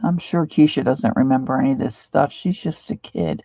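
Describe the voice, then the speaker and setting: A woman's voice: rumbling low, normal speed, gravelly, slightly rough, no room sound, muffled recording. Chatty Pennsylvania woman painting live. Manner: chatty and rambling, warmly nostalgic asides. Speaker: art livestream host. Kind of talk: casual chat while painting.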